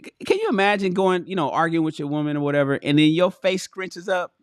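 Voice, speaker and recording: A man's voice: high voice, fast, smooth, no room sound, clean studio sound. A man hosting a livestream, reading aloud from a relationship book and breaking off into blunt, profane commentary aimed straight at his viewers. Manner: animated, profane, emphatic, addresses chat directly.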